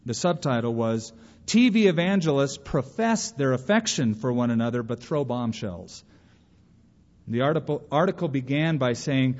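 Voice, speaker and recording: A male pastor preaching a sermon, animated, acting out quotes with sudden bursts of energy. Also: mid-range voice, normal speed. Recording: muffled recording in a reverberant hall.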